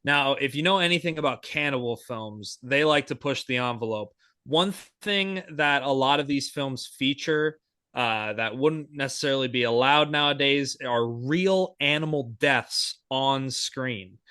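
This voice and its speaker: A man's voice: medium pitch, unhurried, sharp tone, clean tone, no room sound, clean studio sound. A young man co-hosting a podcast, chatting casually and enthusiastically, rambling with lots of fillers and restarts. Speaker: podcast co-host.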